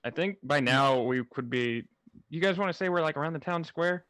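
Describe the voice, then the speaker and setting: A man's voice: a little high, brisk, fairly bright tone, no echo. A man playing a tabletop game, answering in short, dry remarks. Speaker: player. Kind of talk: casual tabletop play.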